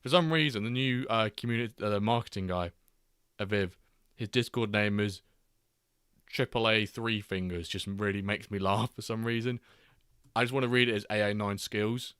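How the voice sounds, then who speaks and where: A man's voice: fairly low pitch, normal speed, a bit bright, clean tone, no echo, studio quality. A man hosting a casual football watchalong livestream, chatting loosely, reading out viewer messages and making jokey asides. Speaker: livestream host.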